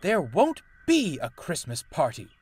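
A man's voice: medium pitch, sing-song, unhurried, slightly rough. A man voicing a grumpy old male steam engine who talks in a curt, snappish way. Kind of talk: storybook voice acting.

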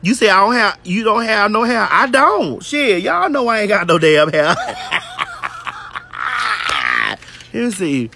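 A woman's voice: medium pitch, huge pitch swings, slow pace, creaky, long pauses, noisy background. A woman hosting a casual phone livestream outdoors while getting her hair braided, telling a brash, profane story. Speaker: host.

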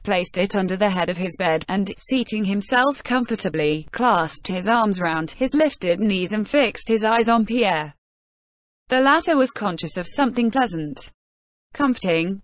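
A synthetic female voice narrating an audiobook in an even, measured reading that sometimes reads punctuation marks aloud. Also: medium pitch, dry recording.

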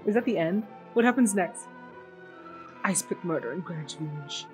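A woman's voice: fairly low pitch, lively intonation, normal speed, music in the background. A young woman hosting a movie reaction, chatting casually and exclaiming at the film.

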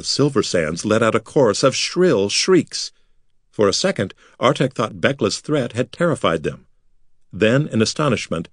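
A man reading a fantasy novel aloud as an expressive audiobook narrator. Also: fairly low pitch, normal speed, no echo, clean studio sound. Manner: lively, expressive storytelling.

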